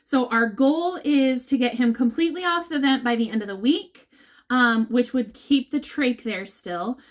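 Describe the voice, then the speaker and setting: A woman's voice: high voice, moderate pace. A woman giving a casual update to her followers, emotional and laughing, now and then near tears. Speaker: vlogger updating viewers.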